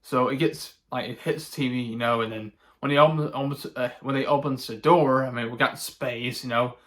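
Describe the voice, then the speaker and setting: A man giving a casual spoken movie review, rambling and halting with many fillers and restarts, chuckling now and then as he recounts scenes. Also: medium pitch, fairly even intonation, fairly bright tone. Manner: chuckles often while recounting.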